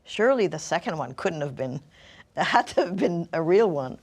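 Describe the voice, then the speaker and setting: A woman's voice: lowish voice, big pitch swings, normal speed, darkish tone, slightly rough. A middle-aged woman telling her personal story as an interview guest, thoughtful and searching for words.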